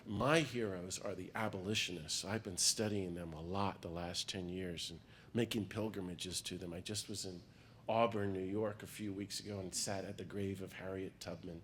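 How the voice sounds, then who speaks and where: A man's voice: sits low, steady tone, moderate pace, fairly bright tone, a little hiss or hum. A man, a priest, giving a passionate, emphatic talk to a gathering while speaking through a cold. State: has a cold. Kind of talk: public talk to a peace group.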